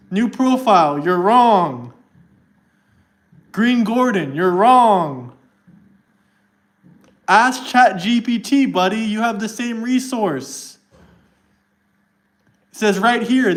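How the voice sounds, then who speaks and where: A man's voice: sits high, fairly bright tone. A man livestreaming and arguing with his chat in a combative, mocking way, reading text aloud to prove his point. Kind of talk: live stream chat rant.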